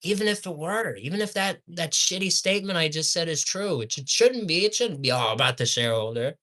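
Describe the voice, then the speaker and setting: A man ranting with heavy swearing as a fast food commentator, swinging between heated shouts and low mutters. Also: lively intonation.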